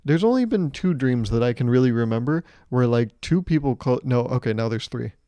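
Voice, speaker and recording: A man's voice: mid-range voice, animated, fairly quick, warm tone, clean tone, no echo. A man in his twenties hosting a solo podcast, rambling and joking, acting out quotes as he mocks himself. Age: 20s. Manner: rambling, joking, self-mocking with acted-out quotes. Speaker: podcast host. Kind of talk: casual solo podcast monologue.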